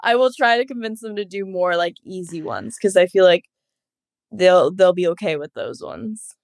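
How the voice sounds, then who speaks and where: A twenty-year-old woman from Los Angeles, USA, appears as a guest footballer on a casual podcast interview, her voice smooth, resonant and on the low side at a normal speed. Relaxed and chatty, she giggles and laughs often and strings her thoughts together with lots of "like." The sound is close and dry, with no echo.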